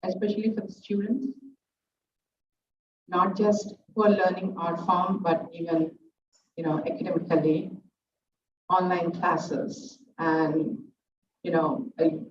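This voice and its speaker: A middle-aged dance teacher speaks earnestly at a student's recital, pausing often to collect her words. She is heard from a distance in an echoing room, with a dull, muffled sound and a faint hiss behind her. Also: fairly low pitch, steady tone. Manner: earnest, halting, with many fillers. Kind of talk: heartfelt speech at a student's recital.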